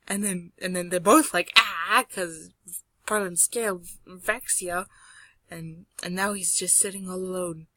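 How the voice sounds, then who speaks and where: A young woman sarcastically narrating her old home-made animation, playful, often dropping to quiet mumbles and whispers. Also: on the low side, no room sound, poor audio.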